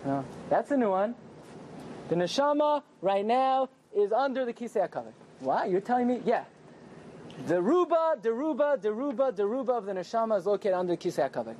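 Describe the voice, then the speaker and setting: Animated man teaching a Torah class. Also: high voice, fast, slight background noise. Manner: animated, questioning the audience and joking. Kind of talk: lively evening Torah class to a live group. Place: small room with a live audience.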